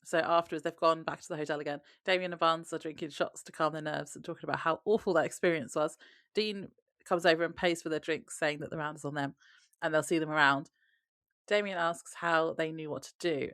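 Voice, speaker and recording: A woman with a gravelly, lowish voice recaps an episode in easygoing podcast chat. She laughs often and slips quoted lines into her retelling. The sound is close and dry. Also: a bit bright, no echo. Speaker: podcast co-host.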